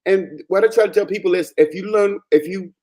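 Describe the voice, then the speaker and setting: A man from Panama telling travel stories in a casual chat, animated and full of quoted dialogue. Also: high-pitched, fairly quick.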